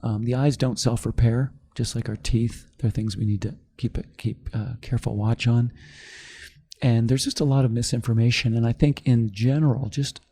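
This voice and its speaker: A middle-aged man, a company founder, telling his story in a podcast interview, animated and quick to act out what others said. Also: mid-range voice, husky. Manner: animated storyteller, acts out quoted voices.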